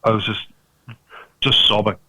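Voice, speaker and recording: A man's voice: on the low side, little pitch movement, normal speed, sharp tone, a little hiss or hum, poor audio. A New man, a restaurateur, telling his story in conversation with many restarts and a frequent "mate". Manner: emphatic, restarts often, says "mate". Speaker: restaurateur guest.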